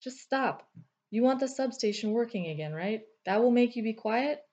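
A woman's voice: a little high, lively intonation, normal speed, darkish tone, dull audio, pitched above the performer's own voice, lightly acted. A woman voicing an arrogant, sarcastic male elemental king who speaks in a curt, contemptuous, mocking way. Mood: scornful.

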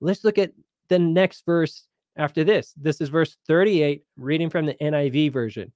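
A man's voice: on the high side, moderate pace, darkish tone, no echo, clean studio sound. A man hosting a live Bible question show, explaining verses in a casual, conversational way and paraphrasing scripture in everyday speech. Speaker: Bible teacher host.

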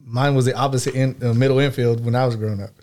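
Relaxed man in casual banter. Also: medium pitch, a little hiss or hum. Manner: relaxed, profane, quick back-and-forth. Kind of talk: casual chat.

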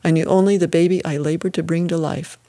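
A woman reading a first-person story as an audiobook narrator, steady and measured. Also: on the low side.

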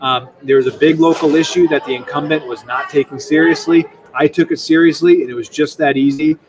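A young man speaking as a guest in a casual interview. He talks in a rambling, animated way, restarting often. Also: on the high side, fairly quick, far from the mic, background noise. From United States. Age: young adult. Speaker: state legislator guest.

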